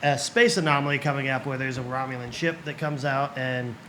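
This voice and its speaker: A man co-hosting a casual movie podcast, speaking hesitantly with frequent pauses and restarts. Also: medium pitch, fairly bright tone, slight background noise. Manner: hesitant, many ums and restarts. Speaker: podcast co-host. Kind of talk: casual chat.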